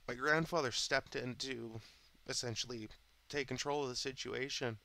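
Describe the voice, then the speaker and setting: A man's voice: mid-range voice, fairly even intonation, moderate pace, creaky, pushed and bright. A man hosting his own channel, chatting in a rambling, candid monologue that often stops and restarts. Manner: chatty, self-interrupting, candid. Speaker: channel host.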